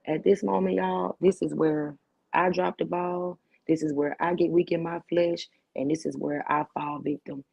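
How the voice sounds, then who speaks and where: A woman's voice: lowish voice, flat delivery, normal speed, vocal fry, a little mellow, husky. A woman who is a talk show guest, telling her life story vividly with street slang and lots of repetition.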